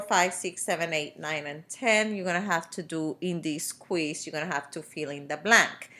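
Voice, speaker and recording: A woman's voice: lowish voice, fairly bright tone. A woman teaching a grammar lesson over a screen recording, explaining step by step with patient fillers. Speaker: Spanish teacher.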